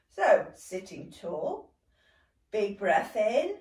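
A young woman with a British accent guides a gentle exercise session in a slow, unhurried way. She sounds encouraging and laughs readily. Her voice echoes around the room, caught by a mic some way off. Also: mid-range voice, lively intonation, recorded from a distance. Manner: warm, encouraging, laughs often. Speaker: dance and movement workshop leader.

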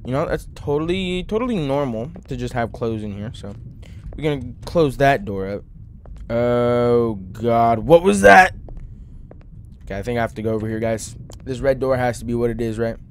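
A man's voice: mid-range voice, animated, normal speed, a little hiss or hum. A young man commenting on a horror game, talking to viewers and yelping when startled. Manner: jumpy, talks to viewers, yelps when startled. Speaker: gaming channel host.

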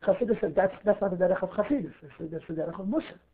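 A rabbi teaching a class, lively, weaving Hebrew terms into his English and asking himself questions to answer them. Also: sits high, racing. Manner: animated, asks and answers his own questions. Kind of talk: Torah class lecture. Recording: narrow phone-like audio.

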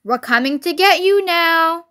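A woman voicing a cruel, pot-bellied male farmer who yells threats. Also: very high voice, expressive, unhurried, voice pushed up, exaggerated voice. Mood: taunting. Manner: yelling, threatening.

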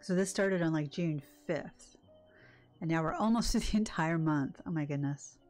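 A woman's voice: deep voice, normal speed, faint music behind. Chatty older woman playing a game. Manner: chatty, emotional, animated reactions. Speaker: gaming channel host. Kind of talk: casual let's-play commentary.

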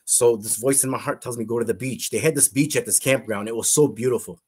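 A man's voice: medium pitch, fast, a little mellow, breathy edge. A man, a guest in an interview, telling an emotional faith testimony in an earnest, fervent way, often repeating words and restarting his sentences. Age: adult.

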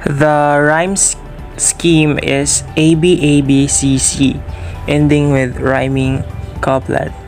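Young man, student presenter, slow careful reading, flat delivery, faint background music. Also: fairly high pitch. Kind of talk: class presentation on poetry.

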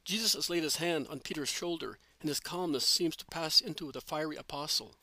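Man reading devotional narration, bright tone. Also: fairly high pitch, fairly quick, few pauses, no echo. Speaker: reader.

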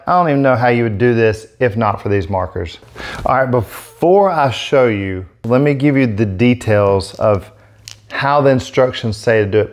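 A man hosting a casual product demo vlog, talking in an excitable, gushing way into a set-up microphone. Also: mid-range voice. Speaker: airbrush artist demonstrating markers.

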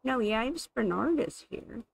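Slow, gravelly woman narrating gameplay. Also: a little high, lively intonation, a little hiss or hum, rough recording. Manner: chatty, amused, thinking aloud while playing. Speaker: gaming channel host. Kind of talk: casual gameplay commentary.

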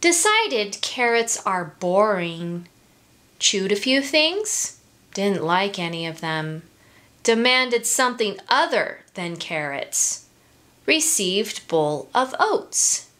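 Expressive, sing-song woman reading to children. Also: mid-range voice, takes it slowly. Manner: expressive, sing-song, asks listeners questions. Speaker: story time reader. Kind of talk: reading a picture book aloud to children.

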